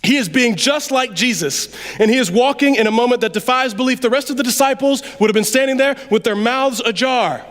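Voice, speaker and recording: A man delivers a sermon in a church sanctuary. He talks to the congregation in a lively, conversational way, sometimes dropping to a near-aside. His voice carries a long reverb from the large hall. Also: extremely high pitch, fairly quick. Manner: conversational, animated preaching with sudden drops to quiet. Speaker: preacher.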